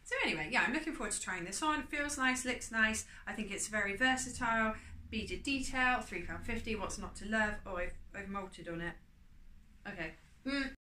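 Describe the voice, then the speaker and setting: A woman chatting casually as she shows off her charity shop clothes haul, upbeat and often trailing off quietly. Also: a little high, lively intonation, brisk, a little hiss or hum. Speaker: vlogger. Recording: echoey room with faint ambience.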